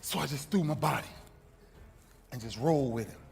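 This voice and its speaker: A man, a former football player, telling a story in an impassioned motivational speech, swinging from shouts to hushed near-whispers in a husky voice. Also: mid-range voice, fairly quick. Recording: echoey hall with music underneath.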